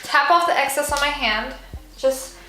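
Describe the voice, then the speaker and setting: A young woman talks through a casual makeup tutorial at home, chatty and giggly. Her voice is high and bright. The room is echoey, with light music underneath. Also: normal speed. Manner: chatty, giggly, jokey asides. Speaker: makeup vlogger.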